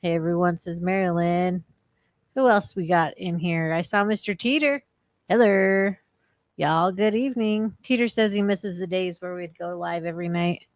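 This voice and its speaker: A woman's voice: lowish voice, moderate pace, no room sound, clean studio sound. A woman co-hosting a recovery livestream in casual chat, greeting viewers by name and talking around a sore tongue. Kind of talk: casual live-stream chat.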